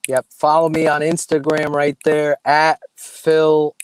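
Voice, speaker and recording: A man appearing as a guest draft analyst on a sports show, emphatic and animated as he plugs his work. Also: a little high, takes it slowly, slight background noise. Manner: animated, emphatic self-promotion.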